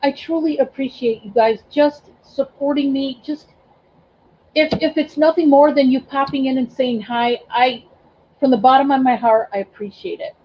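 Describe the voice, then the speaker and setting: High-pitched lady doing a livestream, gushy and emotional, lots of ums, kinda muffled audio. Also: a little hiss or hum. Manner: emotional, effusive, thanks chat by name; halting, many ums and restarts. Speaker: livestream host and reseller. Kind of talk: casual livestream chat.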